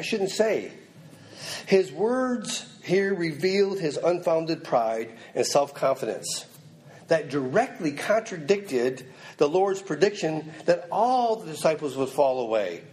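A man's voice: fairly high pitch, darkish tone. A man preaching a sermon, stressing points by repeating them and acting out the lines he quotes. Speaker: pastor.

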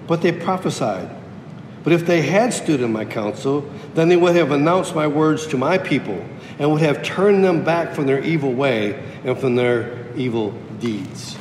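A man's voice: animated, measured pace, darkish tone. A man preaching a sermon emphatically, repeating key phrases for effect. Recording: echoey hall with faint rumble.

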